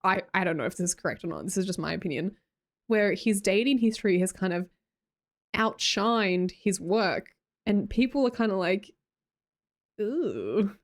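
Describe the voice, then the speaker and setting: A young woman with an Australian accent chats her way through a livestream, reading out viewer messages and breaking into laughter often. Her pitch sits in the middle range. She talks casually and keeps up an easy running commentary. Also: normal speed. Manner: chatty, laughs often, reads chat comments aloud. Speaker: livestream host.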